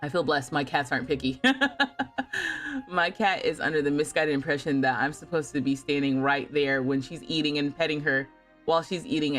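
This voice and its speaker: A woman's voice: low-pitched, moderate pace, a bit bright, soft background music. A woman in her thirties chatting casually on a livestream, telling stories with lots of laughter. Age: 30s. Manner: chatty storytelling, often laughing and mimicking her cat. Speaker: streamer.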